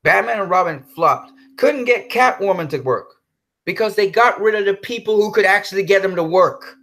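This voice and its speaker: A man's voice: sits high, lively intonation, moderate pace, bright, forceful tone. A man ranting heatedly in a commentary vlog, swearing and then apologizing for cursing. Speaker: commentary vlogger.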